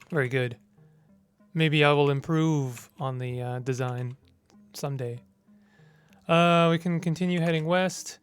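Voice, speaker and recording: A man's voice: on the high side, a little slow, long pauses, clean tone, faint music behind. A man giving casual gameplay commentary, reading the game's text aloud and mumbling through menu choices. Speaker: gamer.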